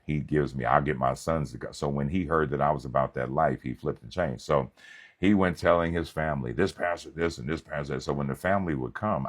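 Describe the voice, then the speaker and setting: A man with an extremely deep voice preaches a sermon as a pastor. His delivery is animated and humorous, and it swings between loud and hushed. He keeps a relaxed, storytelling feel. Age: young adult.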